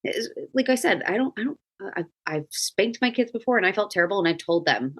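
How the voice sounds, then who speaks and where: A woman's voice: mid-range voice, expressive, brisk, few pauses, a bit bright, breathy edge. A woman in her thirties hosting a podcast, a mother talking earnestly and reflectively, often restarting her sentences. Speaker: podcast host. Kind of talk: casual chat.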